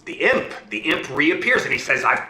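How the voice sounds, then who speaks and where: A man with a highish voice tells a fairy tale at a moderate pace, animated and pausing to check in with "okay?" or "right?" The recording is reverberant and rough.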